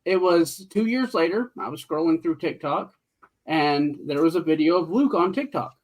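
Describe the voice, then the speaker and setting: Easygoing man with a slightly high voice. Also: animated, normal speed, rough recording. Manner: easygoing, conversational recounting of anecdotes. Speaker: podcast guest, millwright. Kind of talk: casual storytelling chat.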